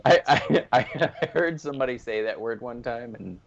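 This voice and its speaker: A man's voice: mid-range voice, normal speed, creaky, dull audio. A man playing a tabletop game who talks in a laid-back, jokey way. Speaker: player. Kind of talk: casual tabletop play.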